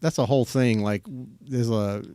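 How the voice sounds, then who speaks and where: A man's voice: medium pitch, normal speed, dark tone, clear, resonant tone, dry recording. A man hosting a podcast in casual conversation, rambling with lots of fillers and restarts and laughing often. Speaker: podcast host. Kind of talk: casual interview chat.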